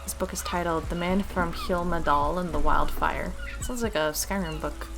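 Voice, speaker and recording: Woman streamer, mid-pitched; reads game narration aloud with casual asides. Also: moderate pace, vocal fry, noisy background.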